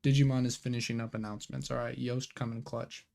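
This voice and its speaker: Young guy streaming, kinda gravelly voice, hyped slangy chat, reads chat questions and answers em, mid pitch. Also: little pitch movement, fast talker, dark tone. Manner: slangy and hyped, reading viewer questions aloud and answering them. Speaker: streamer hosting a card game watch party. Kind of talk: casual live-stream chat.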